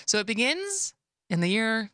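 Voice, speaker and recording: A woman's voice: a little high, big pitch swings, moderate pace, pushed and bright, dry recording. A woman with a Wisconsin accent co-hosting a radio talk show, chatty and playful, often laughing. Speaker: radio co-host. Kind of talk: casual radio chat.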